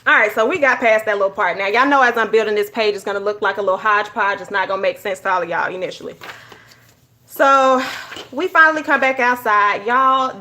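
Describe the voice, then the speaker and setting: A woman telling stories in a casual, animated way while she decorates her journal. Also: a little high, slight background noise. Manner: animated storytelling, addresses viewers as y'all. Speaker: journaling YouTuber.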